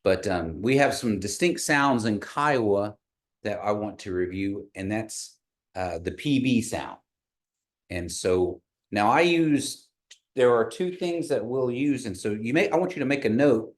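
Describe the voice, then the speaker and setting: A man's voice: mid-range voice, expressive, unhurried. A man teaching a language class in a classroom, patiently modeling sounds and having the learners repeat them. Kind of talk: classroom pronunciation lesson.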